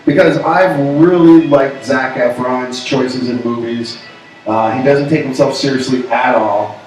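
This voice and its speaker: A man from Canada co-hosting a casual pop culture show, bantering and joking in an animated way. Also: medium pitch, measured pace, recorded from a distance, soft background music. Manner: joking, animated, jumps into bits and shouts. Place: pub. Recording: echoey room, voice from off mic.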